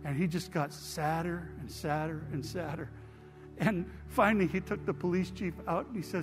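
A man preaches a sermon in a fairly high voice, telling stories to the congregation in an easy, conversational way. He talks to the people in front of him directly and then leads them in prayer. Soft music plays faintly behind him. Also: animated, moderate pace. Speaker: pastor. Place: church sanctuary.

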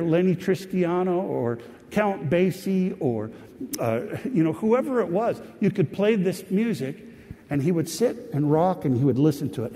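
A man telling a rambling personal story to an audience, pausing often. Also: on the high side. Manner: warm, rambling anecdotal storytelling with pauses. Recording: long hall reverb.

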